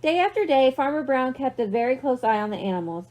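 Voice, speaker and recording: A woman's voice: sits high, very animated, quick pace, darkish tone. A young woman librarian reading a picture book aloud to children, playful and asking them questions. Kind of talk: storytime read-aloud for kids.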